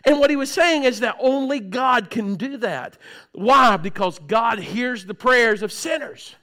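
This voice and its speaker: High-voiced animated preacher man. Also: unhurried. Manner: animated, swings from loud outbursts to hushed low tones; frequent throat clearing. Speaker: pastor. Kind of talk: sermon.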